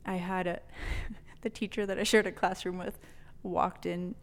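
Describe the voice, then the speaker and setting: A woman from New Mexico telling a personal story in casual conversation, animated, swearing freely and laughing often. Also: fairly low pitch, normal speed, in a large hall, slight background noise. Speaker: podcast guest telling a story.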